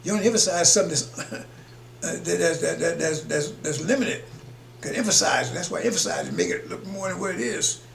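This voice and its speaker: A man preaches in a slightly high, gravelly voice, rambling and emphatic as he chuckles between points. He is recorded in an echoey room with a faint hum behind him. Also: very animated, brisk, fairly bright tone. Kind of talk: preaching broadcast.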